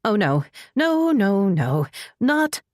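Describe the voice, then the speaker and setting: Woman doing a frantic mother, shrill, high and strained, dry close recording. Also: normal speed, a little mellow, no room sound, lightly acted. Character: frantic middle-aged mother, shrill and anxious.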